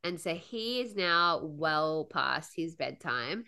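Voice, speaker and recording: A woman co-hosting a podcast, telling travel stories in a lively, laughing way. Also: deep voice, takes it slowly, vocal fry, clear, resonant tone. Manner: animated, laughs often while telling stories. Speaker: podcast co-host. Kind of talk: casual storytelling chat.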